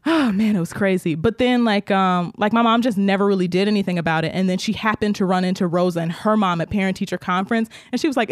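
Lively woman telling stories, laughing often. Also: mid-range voice, fast talker, hardly any pauses, no echo, clean studio sound. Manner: animated storyteller, acts out quoted voices, laughs often. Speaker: podcast co-host. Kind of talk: casual chat.

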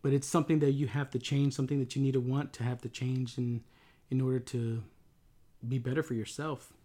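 A man's voice: medium pitch, little pitch movement, a little fast, dark tone. A middle-aged man talking casually and reflectively about relationships, rambling with many restarts. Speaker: co-host talking with his wife.

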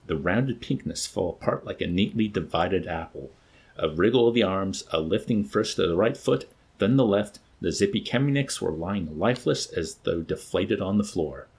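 Low husky guy reading a novel aloud, lively dramatic delivery. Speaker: audiobook narrator. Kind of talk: scripted narration.

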